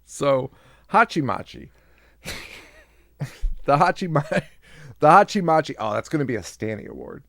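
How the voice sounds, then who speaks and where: A man's voice: on the high side, animated, normal speed, gravelly, pauses often, dry recording. Male podcast co-host, casual recap chat, laughs a lot, bouncy delivery, dry close-mic sound. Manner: joking, laughs often, acts out lines.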